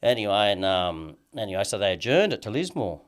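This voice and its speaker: A man's voice: lowish voice, big pitch swings, brisk. An Australian man telling a long story in casual chat as a podcast guest, swearing heavily and rambling with lots of "you know what I mean".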